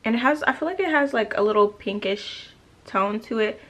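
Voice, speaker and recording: A woman's voice: on the high side, normal speed, fairly bright tone. A young woman vlogger rambling through a makeup tutorial and a casual personal story, correcting herself often, sassy and talkative. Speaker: beauty vlogger.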